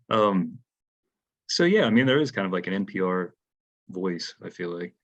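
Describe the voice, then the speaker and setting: A man with a very low voice leads a casual interview. He speaks in a relaxed way, often hesitating with fillers. The recording sounds dull and lo-fi. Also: unhurried.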